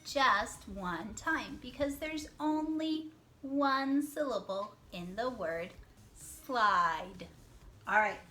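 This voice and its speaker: With faint music behind her, a woman teacher in a high, animated, slightly bright voice takes young children through a reading lesson. She speaks slowly, draws out words for syllable counting, praises answers, and whispers at times.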